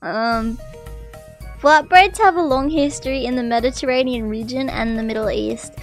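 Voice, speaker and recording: A woman streamer reading an article aloud, breaking off to chat and react with loud, excitable outbursts. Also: a little high, moderate pace, soft background music. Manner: excitable, bursts into loud apologies and exclamations.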